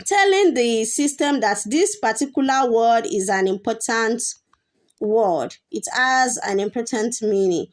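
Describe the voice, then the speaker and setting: A woman teaching a coding lesson, explaining each step patiently with frequent fillers and repetition. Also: fairly high pitch. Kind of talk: screen-share coding tutorial.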